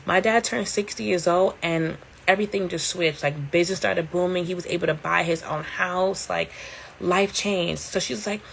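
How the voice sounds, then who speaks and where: Chatty candid woman with a low voice. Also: moderate pace, creaky, a little hiss or hum. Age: middle-aged. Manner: chatty and candid, laughs often, slangy. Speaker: livestream host. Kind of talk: casual livestream chat.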